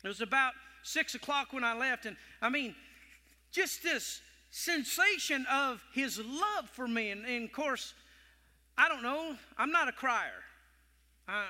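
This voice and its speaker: A man's voice: extremely high pitch, bright, forceful tone, long reverb tail. A middle-aged man with a Texan accent, a pastor preaching a sermon with impassioned, heartfelt storytelling. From Texas.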